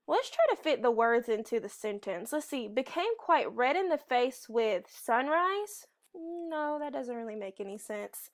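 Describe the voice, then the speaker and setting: Woman, teacher, reading lesson think-aloud, slightly high voice, slow careful reading, musing.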